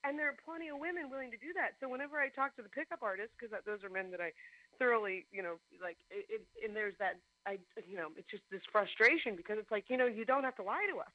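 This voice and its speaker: A woman's voice: a little high, fast, no echo. A woman calling in to a show, chatting casually in a blunt, profane way and laughing easily. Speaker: guest caller. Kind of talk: casual chat. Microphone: phone call. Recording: dull phone line.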